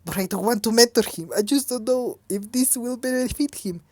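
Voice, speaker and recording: A woman's voice: a little high, a little fast, a little mellow, dry recording, clean studio sound, voice pushed up, lightly acted. A woman voicing a troubled young man who hesitates and restarts as he doubts himself, read from a fan story. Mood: anxious, frustrated.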